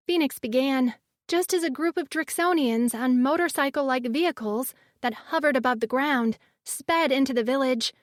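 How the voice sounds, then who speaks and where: A woman's voice: high-pitched, dry recording, clean studio sound. A woman reading first-person audiobook narration with emotive storytelling.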